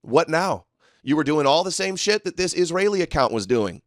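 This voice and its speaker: A man's voice: on the high side, big pitch swings, normal speed, no echo, clean studio sound. A man hosting a livestream, ranting in a combative, sarcastic and mocking way as he reads through posts and answers viewers. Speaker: livestream host.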